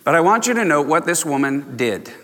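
Male pastor, sermon, bright voice, emphatic, slows to stress words, long church reverb. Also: fairly high pitch, sing-song.

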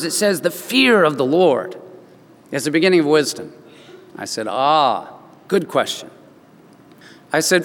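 Storytelling pastor in a reverberant hall. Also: male voice, a little high, fairly bright tone. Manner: storytelling, acts out voices in quotes. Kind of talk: sermon.

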